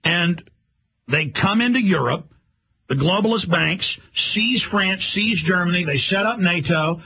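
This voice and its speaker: A man hosting a radio show, delivering a rapid, emphatic, rambling monologue. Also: high voice, bright, forceful tone, slightly rough, dull audio.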